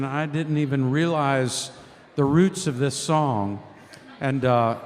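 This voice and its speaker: A man's voice: medium pitch, in a large hall, a little hiss or hum. A man hosting a live concert, speaking in a folksy, rambling way from the stage. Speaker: host.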